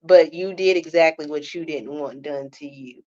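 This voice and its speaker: A woman's voice: deep voice, moderate pace, dark tone, muffled recording. A woman giving a blunt, sassy commentary on a reality show, keeps tagging her points with "okay?". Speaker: reality TV reviewer. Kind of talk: casual commentary.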